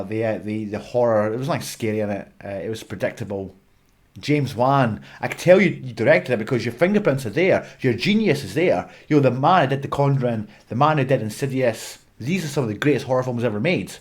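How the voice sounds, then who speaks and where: A Scottish man ranting bluntly in a film review vlog, swearing and exasperated. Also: mid-range voice. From Scotland. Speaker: movie reviewer.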